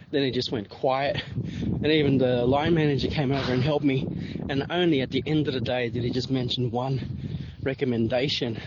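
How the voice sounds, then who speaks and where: A man vlogging about his warehouse job, venting bluntly and swearing as he grumbles about his day. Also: medium pitch. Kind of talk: casual venting monologue. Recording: dull lo-fi sound with vehicle noise.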